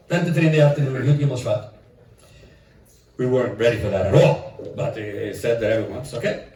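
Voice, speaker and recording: A middle-aged man from Italy, a rabbi, telling an animated story at a gathering and dropping in Yiddish and Italian phrases. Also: on the low side, a little fast, a little hiss or hum. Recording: roomy echo from far off.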